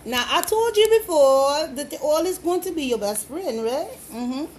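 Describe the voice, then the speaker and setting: Woman, home cook, high and leisurely, playful folksy patter, noisy kitchen sound. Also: expressive, normal speed, a little mellow. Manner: playful, folksy, chatty with the viewers. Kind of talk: cooking demonstration.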